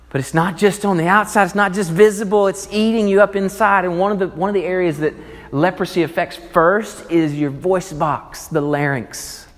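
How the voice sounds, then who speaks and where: A man preaching a sermon, animated and acting out the voices of people in his story. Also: a little high. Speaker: pastor. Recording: long reverb of a large hall.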